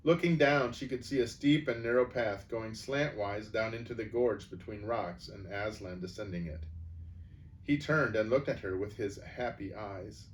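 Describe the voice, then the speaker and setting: A man reading a children's novel aloud, expressive and changing his voice for the characters. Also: on the low side, far from the mic, a little hiss or hum. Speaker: storyteller.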